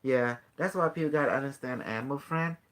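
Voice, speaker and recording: A man's voice: mid-range voice, fairly quick, fairly bright tone. Rambling call-in show host man. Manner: rambling, loose and boastful. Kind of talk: casual call-in talk.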